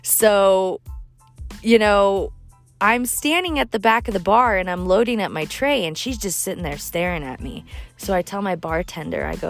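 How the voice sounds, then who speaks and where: A woman's voice: medium pitch, moderate pace, gravelly, faint music behind. A woman, telling a profane, gossipy story in a casual monologue and laughing often. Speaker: storyteller vlogger.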